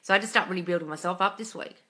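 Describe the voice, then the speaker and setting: A woman's voice: lowish voice, rapid-fire, pushed and bright. A young woman hosting a casual live Q&A, answering viewer comments bluntly, swearing freely and calling people darling. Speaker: manifesting coach and livestream host.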